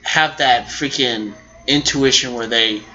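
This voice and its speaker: A man telling stories in a casual chat among friends, animated and acting out quotes. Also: medium pitch, slow, highs cut off, a crowd in the background. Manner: animated storyteller, acts out quotes.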